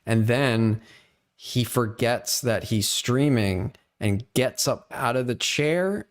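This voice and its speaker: A man talks loosely on a livestream, relaxed and chatty as he tells a story. His voice stays at a plain middle pitch. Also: takes it slowly. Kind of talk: casual chat on a live stream.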